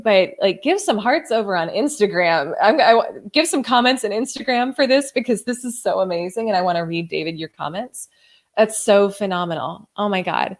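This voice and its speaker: A woman in her thirties hosts a live stream and talks straight to her viewers. She gushes over their comments with a lot of "like" and keeps celebrating them. Her pitch sits in a middle range for a woman. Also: normal speed. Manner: gushing, effusive, lots of "like". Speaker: host and coach. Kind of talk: live-stream coaching talk.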